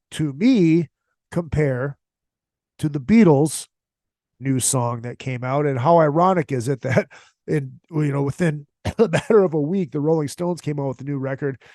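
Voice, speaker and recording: A man's voice: fairly high pitch, creaky, a little mellow, no echo, clean studio sound. A man hosting a podcast, talking casually with heavy swearing and strong opinions. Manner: profane, opinionated, emphatic. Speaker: podcast host. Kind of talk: casual solo podcast rant.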